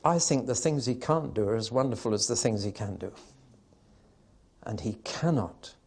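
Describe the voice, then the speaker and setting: Man, preacher, sermon, emphatic, wry, mid-pitched voice. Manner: emphatic, wry, lively delivery with pauses.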